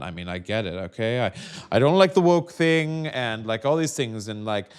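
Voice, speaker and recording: A man's voice: medium pitch, animated, moderate pace, clear, resonant tone. A man from the United States delivering a heated, profane rant straight to the viewer, full of fillers and restarts. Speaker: political commentator. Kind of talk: direct-to-camera rant.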